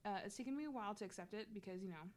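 A woman's voice: medium pitch, racing, darkish tone. A young adult woman telling a personal story in casual chat, candid and slangy, swearing freely.

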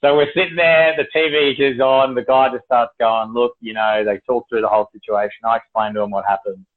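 A man's voice: medium pitch, steady tone, brisk. Young man, tinny livestream audio. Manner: rambling, swears, laughs through the story. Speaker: storyteller. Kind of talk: casual spoken storytelling.

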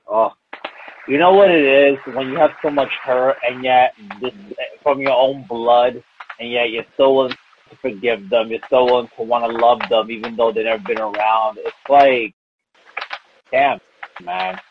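A man's voice: mid-range voice, normal speed, a little hiss or hum. A man hosting a podcast interview, talking in a rambling, emotional way with many fillers and restarts. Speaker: podcast host. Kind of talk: casual interview chat. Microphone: phone call. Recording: muffled phone-like call audio.

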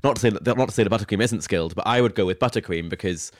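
A man's voice: on the low side, very fast, dry recording. A man co-hosting a podcast, chatting casually with playful, cheeky humour. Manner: playful, cheeky innuendo, lively laughter. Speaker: podcast co-host. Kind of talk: casual chat.

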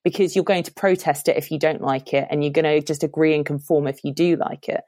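A woman with a low-pitched voice, venting in a heated, emphatic rant about something that clearly frustrates her. The sound is dry and close, with no room around it. She keeps pushing her point, building momentum as she goes. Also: fairly even intonation, fast, darkish tone, no echo. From United Kingdom. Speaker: guest commentator. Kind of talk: heated opinion chat. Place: parents' house, remote.

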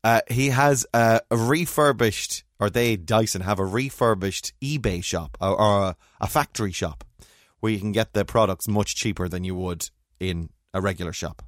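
A man, co-hosting a casual chat and telling rambling, animated stories full of restarts. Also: fairly low pitch, normal speed, no echo, clean studio sound. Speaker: podcast co-host.

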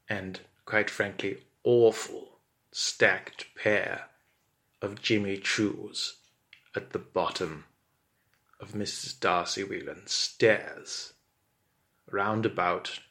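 A man's voice: fairly low pitch, a bit bright. A man improvising a comic story in a mock-pompous, wordy narrating voice.

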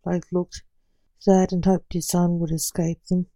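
Woman story reader, slow, mellow, dry close mic. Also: fairly low pitch, little pitch movement, dry recording, rough recording. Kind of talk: reading fan fiction aloud.

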